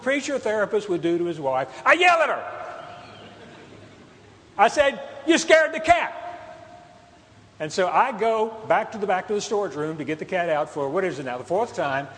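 A man preaching, telling a funny story with lively acted-out bits, meowing and shouting the lines he quotes. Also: sits high. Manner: animated storyteller, acts out meows and shouts. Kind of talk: storytelling sermon. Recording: hall reverb with faint ambience.

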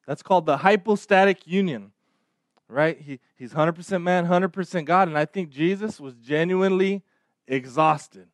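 A man's voice: a little high, normal speed, dry recording, studio quality. Conversational male preacher, restarts a lot. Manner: conversational, frequent stammered restarts and "right?" tags. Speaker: pastor. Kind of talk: sermon.

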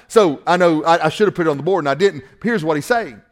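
A man with a Southern accent from Northwest Georgia, preaching a sermon in a folksy, animated, joking way. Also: a little high, fast, hardly any pauses. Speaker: pastor.

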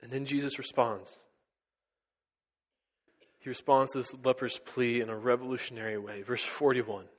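Male pastor, mid-pitch, earnest sermon delivery, long church reverb. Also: little pitch movement, normal speed, pauses often. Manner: earnest, rising to emphatic peaks then dropping to hushed lines.

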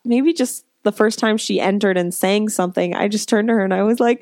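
A woman's voice: medium pitch, a little fast, few pauses, darkish tone, no echo, clean studio sound. A woman co-hosting a casual chat, gushing about a show, swearing freely and laughing often. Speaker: podcast co-host.

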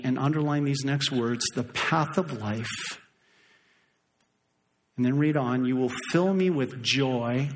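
A middle-aged male pastor delivers a sermon with animated energy, slipping into acted-out voices to make his points. His voice sits somewhat high for a man. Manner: animated, acts out voices for emphasis.

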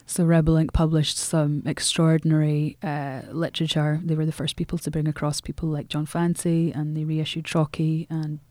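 An author reflects in an interview, talking earnestly with many restarts and fillers. The voice is mellow and fairly flat in pitch. The recording is dry and close. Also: moderate pace, hardly any pauses, dry recording.

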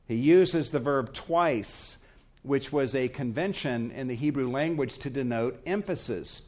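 Guy preaching a sermon, earnest and emphatic, mid-pitched voice, breaks things into short phrases. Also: lively intonation, slow pace, a little mellow. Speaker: pastor. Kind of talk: expository sermon.

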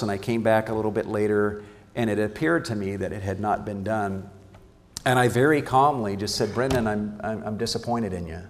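A man teaching a parenting seminar in a sermon style, earnest and emphatic, often restarting his words. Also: medium pitch. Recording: long hall reverb.

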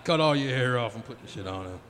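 A man in his forties doing a live stand-up set, working the crowd loudly and acting out his friends in high, excited voices. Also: fairly quick. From Chicago area. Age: 40s. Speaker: stand-up comedian. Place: small live venue. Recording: live room with long reverb and faint hum.

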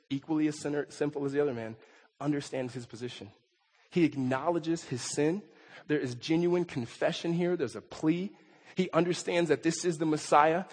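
A man's voice: a little high, a little mellow, slightly rough. A married man preaching a sermon to his congregation, emphatic, often stammering over repeated words and acting out quotes. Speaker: pastor. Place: church sanctuary. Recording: long reverb in a big hall.

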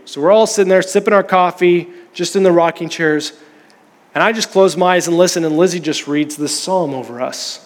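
Preacher, male, high voice, conversational storytelling sermon, hall reverb. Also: moderate pace. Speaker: pastor. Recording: long reverb of a church hall.

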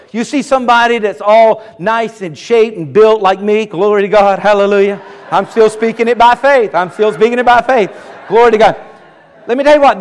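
A man's voice: high-pitched, big-room sound. A middle-aged man preaching a sermon as pastor, fervent and emphatic, with repeated exclamations.

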